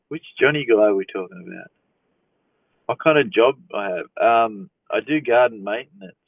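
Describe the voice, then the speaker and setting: A man's voice: fairly low pitch, no echo. A man hosting a casual live Q&A, reading viewers' questions aloud in an easygoing, amused way and chuckling often. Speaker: livestream host answering chat. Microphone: phone livestream. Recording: dry, tinny phone-like sound.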